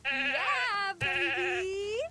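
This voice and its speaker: A woman voicing a silly flirty female sheep in a game, squealing drawn-out calls. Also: very high-pitched, expressive, pushed and bright, faint music behind, heavily acted.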